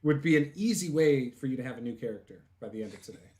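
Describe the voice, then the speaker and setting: A man's voice: medium pitch, animated, quick pace, mellow. A man running a tabletop game as game master, chatty and laughing often.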